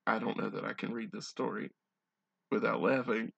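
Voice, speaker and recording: A man's voice: moderate pace, gravelly, slightly rough, dull audio. A man hosting a podcast, reading listener stories aloud and chatting about them in a casual, joking way. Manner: reads in a low, hushed tone, then gets loud and excitable. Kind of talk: casual storytelling chat.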